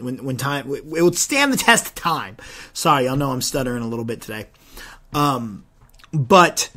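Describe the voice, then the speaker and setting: A young man hosting a solo podcast, talking in an animated, rambling way with frequent restarts and stumbles. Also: medium pitch. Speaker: podcast host.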